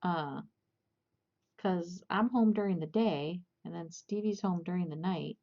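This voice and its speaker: A woman's voice: fairly low pitch, unhurried, muffled recording. A young woman casually chatting and rambling with lots of fillers and restarts while hosting a crochet livestream.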